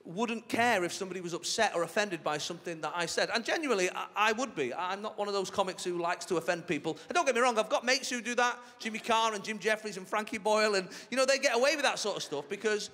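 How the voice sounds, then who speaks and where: A man with a high voice does a stand-up set on a large theatre stage, talking fast with hardly a pause in a sharp, chatty, cheeky tone as he tells the crowd stories. A stage mic picks him up live, with hall reverb and a laughing audience.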